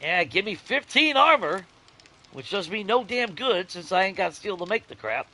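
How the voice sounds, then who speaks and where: A young adult man hosting a let's-play, chatting casually to his viewers, swearing freely and swinging between grumbling and giddy excitement. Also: high voice, normal speed. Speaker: gaming channel host.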